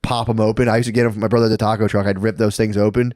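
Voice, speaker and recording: A man's voice: fairly low pitch, little pitch movement, very fast, darkish tone, no room sound, studio quality. A man co-hosting a podcast in casual chat, laughing often and swearing freely. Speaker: podcast co-host.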